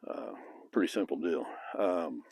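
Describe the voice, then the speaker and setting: A man's voice: deep voice, animated, unhurried, a little mellow, husky. A middle-aged man, a former police officer, giving blunt, frank advice in a casual monologue. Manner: blunt and frank, with occasional profanity.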